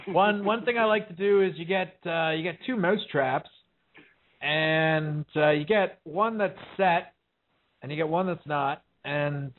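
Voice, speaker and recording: A man hosting a casual chat show, talking bluntly and profanely and rambling with lots of fillers. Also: a little high. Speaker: podcast host. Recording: tinny phone-like sound.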